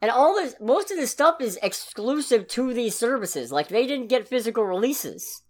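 A woman's voice: on the high side, sing-song, moderate pace, darkish tone. A woman co-hosting a podcast, chatting casually with a sarcastic, ranting edge. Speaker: podcast co-host. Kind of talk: casual chat.

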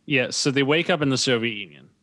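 A man in easy podcast chat, retelling a film plot with animated energy and a ready chuckle. His voice sits at an ordinary middle pitch. The recording is close and dry, with no room around it. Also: quick pace, dry recording. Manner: animated recapping, chuckles often. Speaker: podcast co-host. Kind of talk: casual chat.

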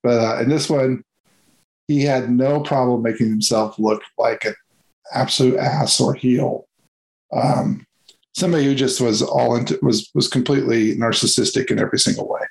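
Creaky-voiced man rambling through a review. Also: mid-range voice, steady tone, moderate pace, low-quality recording. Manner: rambling, hesitant, with many fillers and restarts. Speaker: podcast movie reviewer. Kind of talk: casual review chat.

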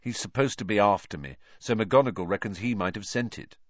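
A man's voice: on the low side, a little fast, dry recording, close to an everyday voice. A man voicing a tired, uneasy teenage boy in an audiobook. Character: teenage boy, nervous and weary. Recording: dull lo-fi.

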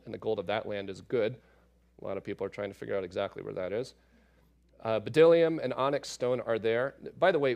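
A man, a father, teaching through a Bible passage in a relaxed, conversational way, with asides and fillers as he explains. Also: mid-range voice, vocal fry. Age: adult parent.

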